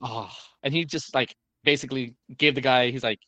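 A man's voice: medium pitch, steady tone, moderate pace, hardly any pauses, pushed and bright, no room sound, muffled recording. A man telling a long story in casual chat, rambling with many fillers and restarts and the odd swear word.

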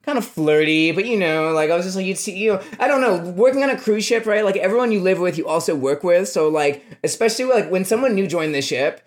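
A man's voice: high voice, animated, quick pace, hardly any pauses. Rambling young man telling stories. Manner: rambling storytelling, heavy "like" fillers. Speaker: podcast guest. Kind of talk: casual chat.

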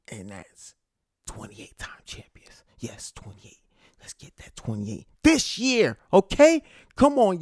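A man's voice: mid-range voice, creaky, dry recording, studio quality. A man from Connecticut hosting a casual solo sports talk show, rambling and stammering as he goes, gloating between laughs. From Connecticut, USA. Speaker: podcast host.

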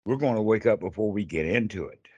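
A man's voice: lowish voice, fast talker, darkish tone, breathy edge, no echo, dull audio. Earnest man teaching meditation. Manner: earnest, repeats phrases, acts out inner dialogue. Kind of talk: spiritual teaching call. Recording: call audio.

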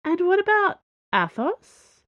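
A woman's voice: very high-pitched, very animated, takes it slowly, no room sound, pitched above the performer's own voice, exaggerated voice. A woman voicing a wry young woman agent. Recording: dull lo-fi dry recording.

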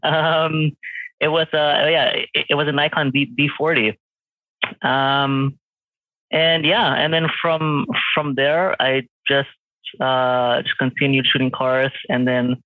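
A man's voice: medium pitch, no room sound. A man in his late twenties, a photographer guest, talking casually with many fillers and restarts. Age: 20s. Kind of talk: casual interview chat. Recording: tinny phone-like call line.

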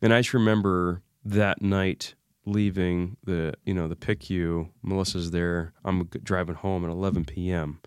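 Low-voiced man telling a gripping story. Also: moderate pace, few pauses, smooth, no echo, clean studio sound. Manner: animated retelling, acts out remembered dialogue, many fillers. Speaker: guest. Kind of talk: emotional personal storytelling.

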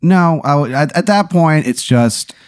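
A man's voice: on the high side, lively intonation, unhurried. A man co-hosting a casual comedy chat, easygoing, with stammering restarts. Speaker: co-host.

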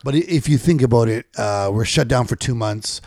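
A man co-hosting a podcast, talking casually in a hesitant, halting way. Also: mid-range voice, a little mellow, no room sound, studio quality. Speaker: podcast co-host. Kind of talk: casual chat.

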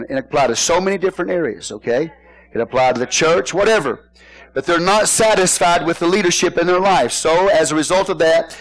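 A man's voice: on the high side, rough recording. A man preaching a sermon in church, folksy and joking, often asking the congregation questions. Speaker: pastor.

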